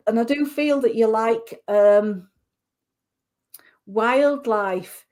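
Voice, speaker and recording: A woman giving a psychic reading to a caller on a radio show, talking haltingly with many restarts and fillers. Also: fairly high pitch, darkish tone.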